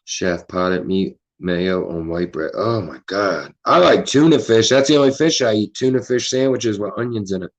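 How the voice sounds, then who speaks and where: A man's voice: on the low side, normal speed, few pauses. A man hosting a casual livestream, laid-back and profane, reading the chat aloud. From Philadelphia. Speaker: livestream host.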